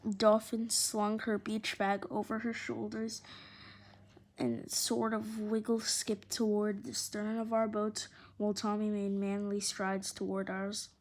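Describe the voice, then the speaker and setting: A woman reading a children's adventure novel aloud in an expressive, animated way. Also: medium pitch, takes it slowly. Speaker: storyteller.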